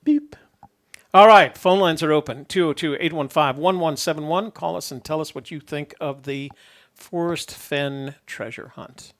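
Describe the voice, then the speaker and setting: Gravelly-voiced man hosting a call-in show. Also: fairly high pitch, steady tone, moderate pace, a bit bright. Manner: easygoing, rambling with fillers. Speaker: host.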